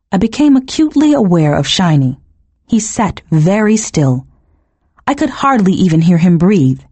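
A woman's voice: medium pitch, darkish tone, husky, dry recording. A woman narrating an audiobook in the first person, reading expressively and voicing each character.

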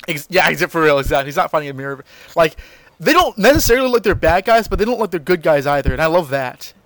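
A man's voice: on the high side, very animated, fast talker, a bit bright, dry recording. A man co-hosting a podcast, chatting casually and enthusiastically, often restarting his sentences. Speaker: podcast co-host. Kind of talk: casual chat.

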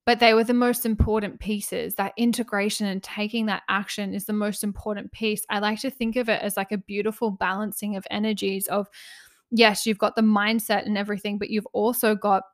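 A woman's voice: mid-range voice, level tone, brisk. Breathless woman on a spiritual podcast. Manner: earnest, passionate, uses "like" often. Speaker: spiritual coach and podcast host. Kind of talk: casual solo podcast monologue. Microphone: close podcast mic.

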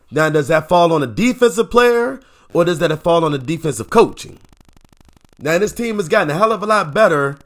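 Rhetorical questions fly from this high-voiced man as he hosts a casual sports opinion program. His delivery is animated and repetitive.

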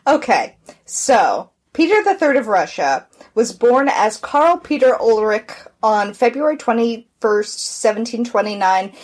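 A woman's voice: fairly high pitch, slightly rough. A woman co-hosting a podcast, chatting casually and telling a history story with frequent laughs. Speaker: podcast co-host. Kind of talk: casual chat.

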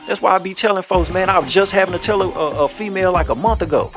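A man hosts his own commentary show, cursing freely as he rants and tells stories in blunt street talk. His voice sits slightly high for a man. Faint music plays quietly behind him. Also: fast. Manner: blunt, heavy cursing, animated storytelling.

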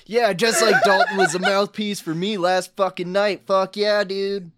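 A man playing a crude, swaggering bro celebrity chef in improvised comedy, loud and profane. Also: high-pitched, steady tone, a little slow. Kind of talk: improvised comedy role-play.

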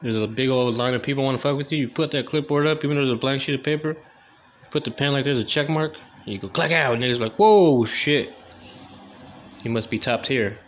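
A man's voice: mid-range voice, fast talker, fairly bright tone, a little hiss or hum. A young man doing a loose, crude, slangy stand-up comedy monologue, in a dull lo-fi recording.

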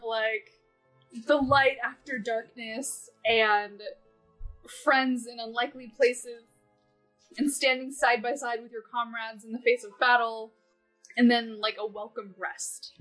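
A woman's voice: a little high, a bit bright, poor audio. A woman playing a tabletop game, talking casually and laughing often. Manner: laughing, playful. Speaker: player. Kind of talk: tabletop role-play, casual.

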